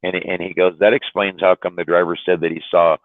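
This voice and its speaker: A middle-aged male trucker tells a long road story in casual chat. His voice is very low, and he stumbles and repeats himself as he goes. The sound is dry and tinny, like a phone line. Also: level tone, fairly quick, no room sound. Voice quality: deep, drawling, repeats words while telling. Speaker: truck driver telling a story.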